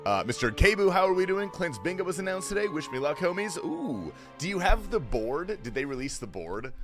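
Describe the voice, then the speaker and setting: Animated joking male livestreamer. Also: high voice, brisk, over music. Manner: joking banter, jumps between murmurs and sudden yells. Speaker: livestream host. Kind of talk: casual livestream chat greeting viewers. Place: home, keeping quiet while others sleep.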